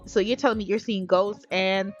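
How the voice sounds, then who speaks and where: A blunt, generous young best friend who talks in a bossy, no-nonsense girlfriend way, played by a woman narrating a game. Her pitch is middling and close to an everyday voice, with soft music playing faintly behind. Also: fairly even intonation, moderate pace, highs cut off, lightly acted.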